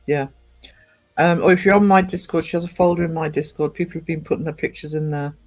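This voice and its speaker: Rambling man, slightly high voice. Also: fairly even intonation, fast talker, soft background music. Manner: rambling and chatty, with many ums and restarts. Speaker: live streamer. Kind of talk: casual live stream chat.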